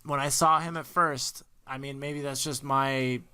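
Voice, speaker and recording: A man's voice: mid-range voice, steady tone, unhurried, pushed and bright, clear, resonant tone, no room sound, clean studio sound. Laid-back young man chatting movies. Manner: laid-back, swears casually, laughs often. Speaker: podcast co-host. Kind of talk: casual movie chat.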